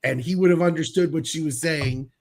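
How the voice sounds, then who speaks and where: A man co-hosting a podcast, blunt and heated, swearing freely as he talks. His voice sits a little high for a man. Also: a little fast. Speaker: podcast co-host. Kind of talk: casual profane talk.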